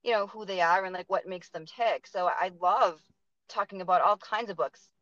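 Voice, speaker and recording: A woman with a Boston accent hosts a relaxed interview, talking on and on with plenty of fillers. The sound is dry and a little dull, with no room echo. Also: medium pitch, moderate pace. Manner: chatty, lots of fillers and likes. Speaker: podcast host. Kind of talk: casual interview chat.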